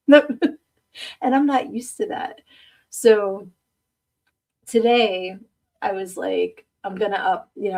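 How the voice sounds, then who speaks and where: A woman's voice: medium pitch, moderate pace, gravelly, a little mellow, far from the mic. A middle-aged woman hosting a podcast, chatting casually and rambling, laughing often at herself as she reads viewer comments aloud. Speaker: podcast host.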